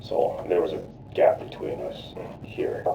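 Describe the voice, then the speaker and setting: A man's voice: a little slow, mellow, whispered. A man under police questioning, rambling and repeating himself as he talks through what happened, full of "you know, like". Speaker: murder suspect under questioning. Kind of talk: rambling account in a police interrogation. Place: police interrogation room. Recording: echoey, distant, lo-fi interrogation room.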